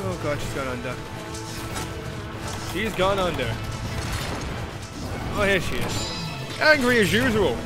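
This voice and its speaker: A man gives a let's play commentary over game music in a very high voice, excitable and panicky one moment, dry the next. He takes his time between bursts of yelps and shouted complaints. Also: takes it slowly, pauses often. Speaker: gaming channel host.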